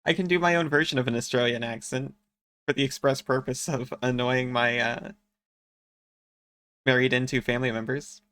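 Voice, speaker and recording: A man's voice: medium pitch, steady tone, moderate pace, long pauses, a bit bright. A man casually commenting on a video game as a streamer, joking and chatting with viewers.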